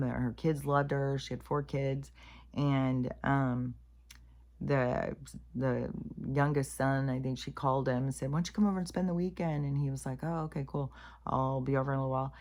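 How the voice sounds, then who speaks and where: A woman's voice: very deep voice, a little mellow. A woman giving a casual spiritual monologue to camera in a blunt, profane, rambling way. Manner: plain-spoken, calls herself raunchy. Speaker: spiritual vlogger.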